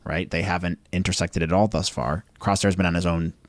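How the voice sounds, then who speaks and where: A man's voice: low voice, fairly even intonation, brisk, no room sound. A man co-hosting a podcast, chatting casually, rambling and checking in with "right?". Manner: rambling, self-correcting, with tag questions. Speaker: podcast co-host. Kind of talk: casual chat.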